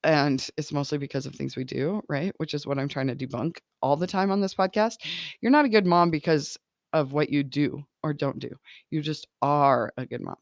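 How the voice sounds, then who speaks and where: A woman's voice: low-pitched, normal speed, dry recording, clean studio sound. A woman in her thirties, a life coach hosting a casual podcast monologue, encouraging and laughing often, with lots of "like" and "right?".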